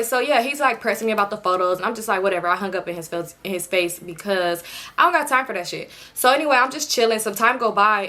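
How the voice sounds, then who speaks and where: A young woman telling a storytime in a blunt, animated, slangy way. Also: medium pitch. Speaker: storytime vlogger. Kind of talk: casual storytime chat.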